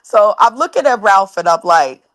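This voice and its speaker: A woman's voice: mid-range voice, lively intonation, normal speed, fairly bright tone. A married woman co-hosting a casual TV recap, speaking bluntly and frankly. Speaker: recap show co-host.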